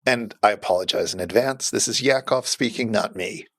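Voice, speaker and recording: A man in his forties co-hosting a podcast in casual comedic chat, reading jokes with a deadpan delivery. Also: fairly low pitch, normal speed, no room sound. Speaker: podcast co-host.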